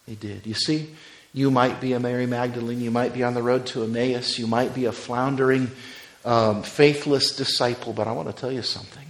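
A man preaching as pastor, swinging from loud fervent exhortation to a soft, hushed prayer. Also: mid-range voice, steady tone, fairly quick, reverberant, poor audio. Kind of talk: sermon and closing prayer. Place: church.

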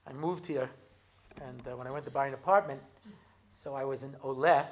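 A man's voice: medium pitch, a little fast. An American man lectures an audience as a rabbi and spins funny stories from his own life. He talks in a loose, chatty way, full of asides and small fillers, and drops into Hebrew phrases when he acts out a scene. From United States. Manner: chatty storytelling, many asides and fillers, jokes, switches into Hebrew. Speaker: rabbi giving a talk. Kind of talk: humorous lecture with acted-out anecdotes. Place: talk given to an audience.

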